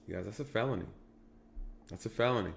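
A man's voice: fairly low pitch, quick pace, creaky, slight background noise. A man recounting police work in casual storytelling straight to viewers, repeating phrases for emphasis.

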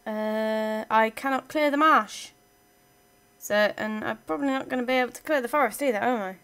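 A woman's voice: fairly high pitch, moderate pace, a bit bright, clean tone. A woman giving casual let's-play commentary, chatting playfully to her game units as she plays. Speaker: gaming channel host.

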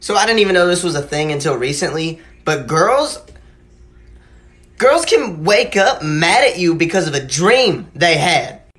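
A man's voice: a little high, very animated, unhurried, a bit bright. A man ranting casually in an exasperated, comedic way.

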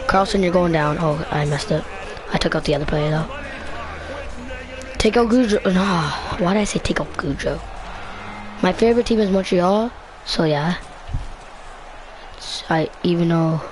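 A man giving excited commentary while playing a video game, trash-talking the players on screen. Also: sits high, background noise.

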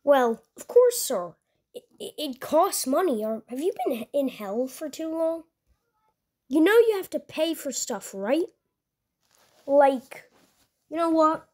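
A woman playing a squeaky nervous cashier, high voice, stammering, flustered, comedy sketch. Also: animated, slow pace, pauses often, darkish tone. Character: nervous squeaky young fast-food cashier, easily flustered.

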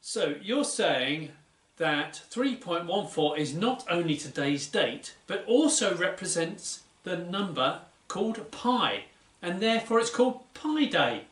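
A man's voice: high-pitched, very animated, measured pace, a bit bright. A man hosting a children's church show, delivering announcements and comic sketch lines in a mock-earnest, playful way. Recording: roomy, mic at a distance.

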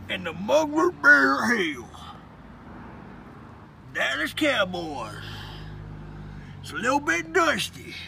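A man's voice: extremely high pitch, gravelly, pushed and bright, a little hiss or hum. A man doing an absurd rambling comedy monologue, hollering and drawing out words between lots of fillers.

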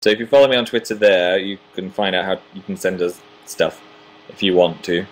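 Talking a little fast in a low voice, a twenty-something livestream host chats casually from home. He reads his viewers' comments out loud and pokes fun at himself.

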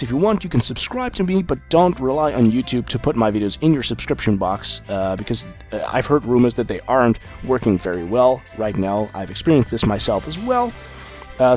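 Male let's-play host, lively ups and downs in pitch, joking and rambling with plenty of "uh"s, soft music underneath. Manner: rambling and jokey, with frequent filler hesitations. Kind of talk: casual gameplay commentary.

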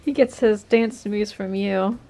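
A woman's voice: mid-range voice, fairly even intonation, measured pace, dark tone. A woman vlogging casually about her cat, playful and teasing, with giggles. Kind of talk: casual chat. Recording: music playing behind.

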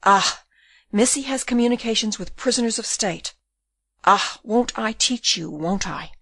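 A woman's voice: a little high, very slow, bright, forceful tone, full character voice. A woman voicing a spiteful old male jailer in an audiobook, speaking with sneering, bitter irony. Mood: enraged.

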